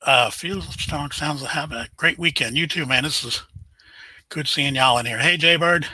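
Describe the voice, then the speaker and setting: A man's voice: on the high side, moderate pace, bright, forceful tone, husky, no echo, poor audio. An older man, hosting a casual live stream, chatting and greeting viewers by name.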